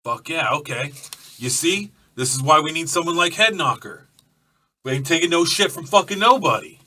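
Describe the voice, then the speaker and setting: Man playing a swearing biker gang leader, blunt and streetwise, sharp bright tone, mic a bit distant. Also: on the high side, expressive, normal speed, voice pushed up. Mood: boastful. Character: gruff male biker gang boss.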